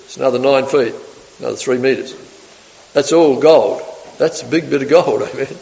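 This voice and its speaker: A man preaching an animated sermon, acting out the story in voices. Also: mid-range voice, moderate pace, vocal fry, lo-fi sound. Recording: long reverb of a hall.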